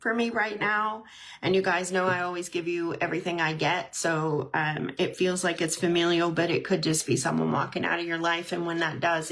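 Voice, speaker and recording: A woman's voice: lowish voice, a bit bright, slight background noise. A woman hosting a casual live-stream tarot reading, chatty and heartfelt, with frequent ums and restarts. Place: at home.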